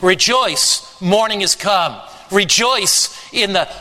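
A man preaching a sermon, slow and emphatic with dramatic pauses. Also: high-pitched, pushed and bright, in a large hall, rough recording. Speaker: pastor.

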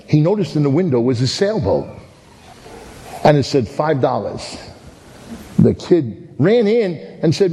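Male preacher, warm tone, animated storyteller, heard in a reverberant hall. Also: fairly high pitch. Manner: animated storytelling, many repeated "and, and". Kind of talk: sermon with a story.

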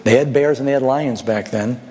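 A man's voice: mid-range voice, fairly quick, darkish tone. A man preaching a sermon in a church, telling a parable with rhetorical questions and little acted-out quotes.

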